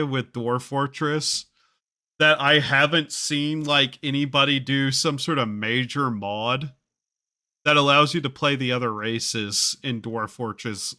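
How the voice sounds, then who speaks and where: A man's voice: mid-range voice, pushed and bright. A man streaming a game, chatting casually in a rambling, wry and self-mocking way, with offhand swearing. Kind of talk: casual live-stream chatter while gaming.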